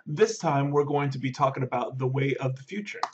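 A man's voice: mid-range voice, a little fast, dull audio, noisy background. Rambling, filler-heavy vlog host, a man. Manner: rambling, full of fillers and asides. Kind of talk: casual product talk.

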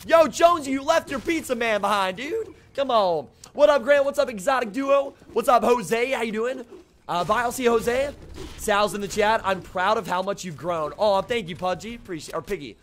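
A young man streaming a shooter game live, chatting casually with his viewers and greeting them by name, with excitable outbursts during fights. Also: sits high, moderate pace. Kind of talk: casual live-stream chat while playing.

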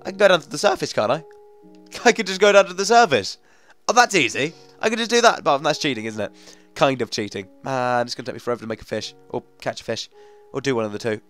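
A young man gives chatty let's-play commentary in a medium-pitched voice, coaxing the game along and grumbling when it goes wrong. He breaks into excited outbursts now and then. Faint music plays softly behind him. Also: fast, no room sound. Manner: chatty, coaxing, easily frustrated, bursts of excitement. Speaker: gaming commentator.

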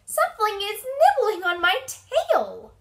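Cheerful storybook mouse, squeaky and eager, high and bouncy, read by a woman. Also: wildly swooping pitch, slow, fairly bright tone, full character voice. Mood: excited. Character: small excitable female mouse, cheerful.

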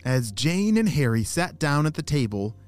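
Kids' storyteller, man, lively pitch, slightly high. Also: normal speed, soft background music. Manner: animated, talks to young listeners. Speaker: children's storyteller.

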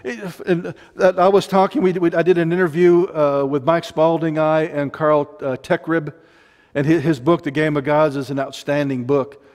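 In a mellowish, level tone and at a normal speed, a middle-aged Ozarks-accented preacher rambles through a fiery sermon peppered with jokes. His voice is notably high for a man, and a long reverb trails every phrase.

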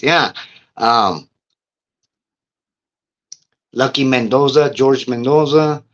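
Streetwise low-voiced man telling stories. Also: a little slow, a bit bright. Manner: streetwise, profane, laughs while telling stories. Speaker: interview guest. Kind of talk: casual storytelling. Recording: dull lo-fi recording.

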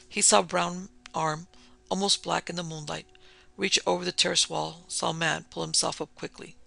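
Gravelly, bright-voiced woman narrator. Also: fairly low pitch. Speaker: podcast narrator. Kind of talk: scripted narration of a vintage mystery.

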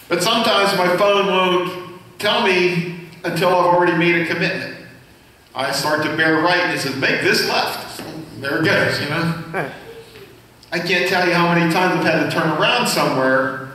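With a sharp tone and a slightly high voice, a senior pastor preaches at normal speed, pausing often. He talks conversationally and asks the congregation questions, picked up from a distance in a very echoey church sanctuary.

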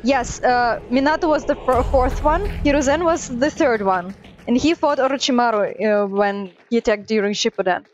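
A woman's voice: on the high side, normal speed, muffled recording. A woman who speaks natively, chatting casually and giggling while she streams a game. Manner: chatty, giggly, switches between languages. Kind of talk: casual chat while gaming.

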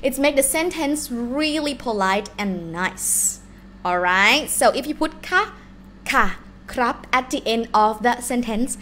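A young woman with a Thai accent teaching a live-streamed language lesson, explaining slowly and repeating words in different tones. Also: sits high, expressive, pushed and bright, slight background noise. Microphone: laptop or phone mic on a live stream.

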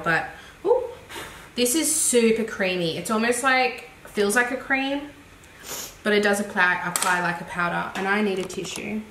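A woman's voice: mid-range voice, sharp tone. Chatty Australian woman in an echoey room. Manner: chatty and giggly, thinking aloud. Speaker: beauty vlogger. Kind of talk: casual makeup review chat. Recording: echoey room with faint noise.

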